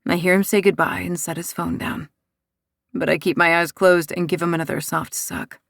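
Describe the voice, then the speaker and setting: A woman narrating a first-person romance audiobook in a soft, intimate, unhurried way. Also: on the low side, fairly even intonation, vocal fry, no room sound, studio quality.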